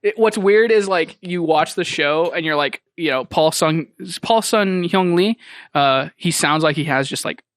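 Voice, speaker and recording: A man's voice: on the high side, a little slow, a bit bright, no room sound, studio quality. A young man hosting a podcast in casual chat, rambling with many restarts and chuckles. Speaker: podcast host.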